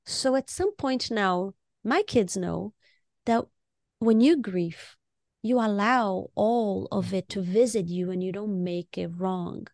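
Woman, co-host, therapist, expressive, heartfelt, stumbles into her sentences, dry close sound. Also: medium pitch, slow pace, no echo. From Latino community. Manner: expressive, warm-hearted, repeats words when starting a thought. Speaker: podcast co-host and music therapist. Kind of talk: casual conversation.

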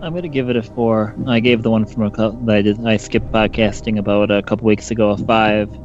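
A man's voice: lowish voice, steady tone, fairly quick, darkish tone, lo-fi sound. A man giving his grade on a podcast panel, rambling through his reasoning. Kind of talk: casual panel chat.

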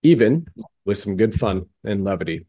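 Male host, low-ish voice, emphatic and fervent, folksy interview manner. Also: very animated, moderate pace, dark tone, breathy edge. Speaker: podcast host. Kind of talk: interview conversation.

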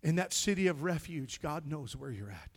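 A male pastor preaching a sermon, telling stories and swinging from hushed tones to loud, shouting climaxes. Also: fairly high pitch, lively intonation, moderate pace. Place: church sanctuary.

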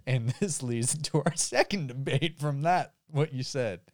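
A man's voice: medium pitch, unhurried, dry recording, clean studio sound. A young man co-hosting a casual podcast, joking loosely and cursing, a little tipsy. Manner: loose, joking, profane, says he has been drinking. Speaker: podcast co-host.

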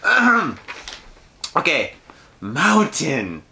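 A man's voice: fairly high pitch, wildly swooping pitch, very slow, sharp tone. A man co-hosting a podcast in casual, crude, joking chat. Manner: crude, joking, reads comments aloud in silly voices. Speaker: podcast co-host.

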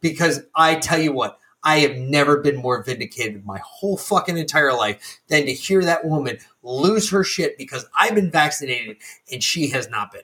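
A man's voice: fairly high pitch, expressive, normal speed, few pauses, sharp tone. A man in his forties telling a story casually on a podcast, profane and laughing as he goes. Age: 40s. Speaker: podcast co-host.

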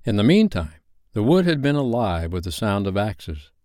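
A man reading a classic novel aloud as a bedtime story in an expressive, animated way. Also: fairly low pitch, normal speed, no echo, clean studio sound.

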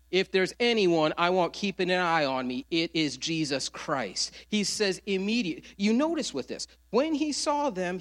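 A male pastor preaching a sermon, earnest, quoting scripture with dramatic pauses. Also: high voice, a bit bright.

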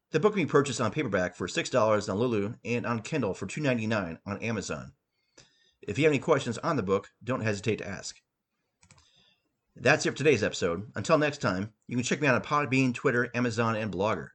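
A man with a medium-pitched voice reading his comic story aloud as a podcast host. His sign-off is dry and low-key. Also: lively intonation, quick pace, fairly bright tone, husky.

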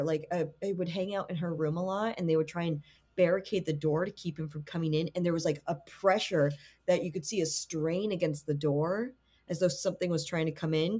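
A woman podcast host retells a spooky story in an easygoing, conversational way. Her voice sits slightly low for a woman, and she fills her sentences with "like" as she goes. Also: darkish tone. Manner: chatty, lots of "like" fillers. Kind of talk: casual storytelling.

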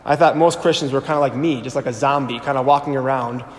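A priest in his thirties telling his personal testimony to a live audience. He tells it with animated storytelling and acts out the voices he quotes. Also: mid-range voice, fast talker. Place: large hall before an audience. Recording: echoey hall with long reverb.

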